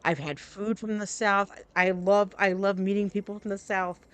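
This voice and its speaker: A chatty streamer, a woman whose voice sits at an ordinary middle pitch. She talks to her chat in a loose, candid ramble, circling back and restarting her thoughts as she plays. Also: steady tone, normal speed, clean tone. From New Jersey. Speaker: game streamer. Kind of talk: casual live-stream chat.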